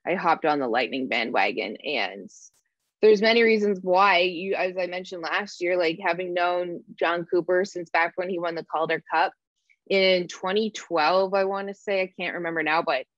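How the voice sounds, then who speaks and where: A woman's voice: lowish voice, moderate pace, dry recording, dull audio. A young adult woman from Canada, a podcast guest telling stories in a chatty way, acting out quoted lines. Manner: chatty storytelling with animated quoted asides. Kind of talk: casual podcast chat.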